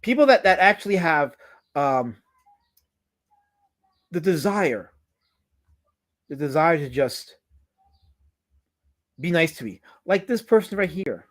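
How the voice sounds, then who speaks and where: A man's voice: a little high, lively intonation, takes it slowly, long pauses, fairly bright tone. A man hosting a live drawing stream, chatting casually and slipping into mock-offended, theatrical complaints. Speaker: livestream host.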